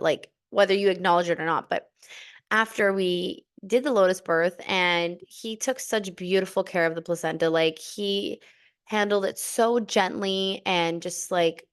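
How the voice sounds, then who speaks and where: A young woman hosting a podcast, telling a personal story in a casual, chatty way with lots of fillers and bursts of excited emphasis. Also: medium pitch, clear, resonant tone. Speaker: podcast host.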